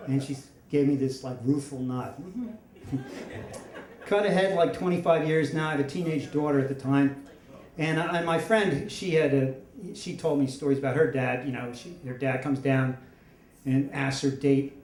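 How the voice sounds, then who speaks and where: A man's voice: medium pitch, fairly even intonation, normal speed, a little mellow. A man in his fifties telling a funny, self-deprecating story on stage at a story slam. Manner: wry, self-deprecating humor. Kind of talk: live comedic storytelling. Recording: roomy echo.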